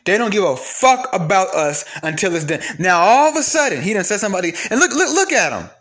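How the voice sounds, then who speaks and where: A man with a high voice rants straight to camera, piling up profanity and rhetorical questions. His tone is sharp and forceful, and he keeps hammering the same points. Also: very animated, a little fast. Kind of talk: heated profane rant to camera.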